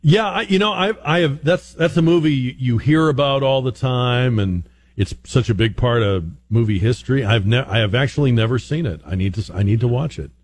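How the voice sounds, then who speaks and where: A man's voice: medium pitch, brisk. Chatty male radio call-in host. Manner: chatty, rambling, many fillers. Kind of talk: casual talk radio.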